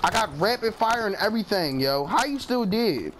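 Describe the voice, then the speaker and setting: A young man hosting a gaming channel, giving slangy, excitable live commentary into a headset, yelping and laughing. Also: high voice, normal speed. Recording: background noise.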